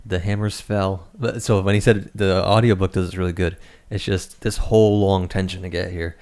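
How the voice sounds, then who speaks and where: A man chatting on a book club podcast in a loose, joking way, with swearing tossed in. His voice sits low and warm. He sounds relaxed and easygoing. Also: moderate pace. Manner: laid-back, swears freely, jokey asides. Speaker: podcast co-host. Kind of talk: casual book club chat.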